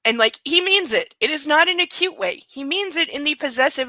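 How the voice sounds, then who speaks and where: A woman's voice: high-pitched, very animated, normal speed, hardly any pauses, sharp tone, dry recording, rough recording. A woman hosting a book club podcast, reading aloud and giving sarcastic, rambling commentary. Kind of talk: casual chat and reading aloud.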